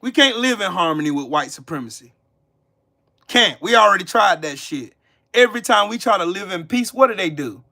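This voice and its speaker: A man's voice: high-pitched, lively intonation, a little fast, vocal fry, sharp tone. A man hosting a live stream, ranting angrily and cursing as he talks back to his chat. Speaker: livestream host. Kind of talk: angry live-stream rant.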